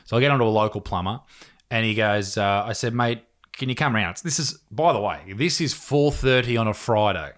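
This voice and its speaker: A man's voice: lowish voice, expressive, fairly quick, a bit bright. A young Australian man hosting a podcast, telling a story in a laid-back way, swearing a lot and laughing as he goes. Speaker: podcast host. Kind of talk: casual chat.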